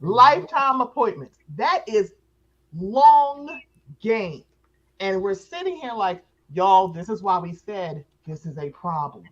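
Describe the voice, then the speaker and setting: A woman's voice: mid-range voice, takes it slowly, muffled recording. Sassy woman in her forties on a call. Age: 40s. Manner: sassy, expressive, profane. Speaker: guest. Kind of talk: casual political talk.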